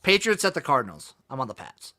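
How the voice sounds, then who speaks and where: A man co-hosting a podcast, briskly running through football matchups and picks in casual chat. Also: medium pitch, huge pitch swings, pushed and bright. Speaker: podcast co-host.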